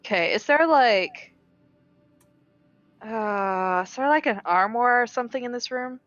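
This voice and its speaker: A woman's voice: fairly high pitch, measured pace, a bit bright, no room sound, muffled recording, faint music behind. Giggly woman playing a tabletop game. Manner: giggly, swearing, thinking aloud. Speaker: player. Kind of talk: casual tabletop game play over voice chat.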